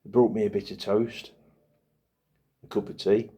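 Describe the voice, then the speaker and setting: A man's voice: lowish voice, level tone, moderate pace, mellow, breathy edge. A middle-aged man, telling wry rambling stories in a casual chat to camera. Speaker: vlogger.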